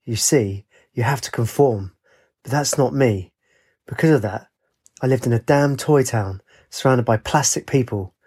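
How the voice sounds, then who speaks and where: A man reading a fantasy story aloud in a steady, descriptive storybook narration. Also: medium pitch, unhurried, husky.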